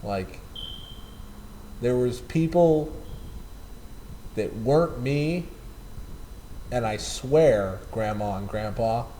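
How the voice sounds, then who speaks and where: A man's voice: mid-range voice, expressive, extremely slow, long pauses, warm tone, slight background noise, rough recording. A man casually telling rambling, profane anecdotes about a former coworker, often repeating and correcting himself. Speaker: storyteller.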